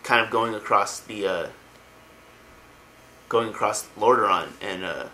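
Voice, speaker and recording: A man's voice: on the low side, measured pace, bright, forceful tone, a little hiss or hum. A man casually retelling video game lore, rambling with lots of ums and likes. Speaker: lore explainer.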